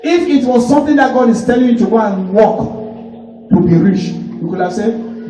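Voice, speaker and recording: High-voiced man preaching. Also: lively intonation, normal speed. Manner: emphatic call-and-response preaching, prompting replies. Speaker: pastor. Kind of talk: sermon. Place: church service. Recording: echoey church hall, distant mic, faint noise.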